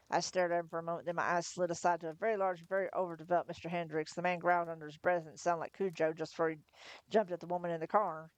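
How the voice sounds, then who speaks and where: A woman reading a novel aloud on a livestream in first person, chatty between chapters, her voice going hoarse. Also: on the low side, little pitch movement, rapid-fire, no echo. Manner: chatty, laughs between asides. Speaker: livestream storyteller.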